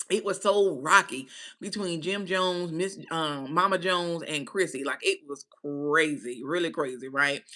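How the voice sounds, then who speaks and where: A woman with a bright, forward voice chats through a casual live commentary. She talks in an animated, slangy way, checking in with listeners again and again. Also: mid-range voice. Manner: chatty, animated, slangy with "baby" and "right?". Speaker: host.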